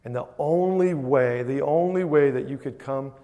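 A man preaching a sermon as a pastor, conversational and emphatic, swinging between loud and soft. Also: mid-range voice, moderate pace, long reverb tail. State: choked up with emotion.

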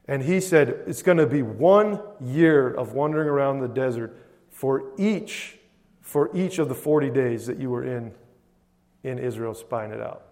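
A man preaching a sermon as a pastor, conversational and emphatic, swinging between loud and soft. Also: medium pitch, in a large hall. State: choked up with emotion.

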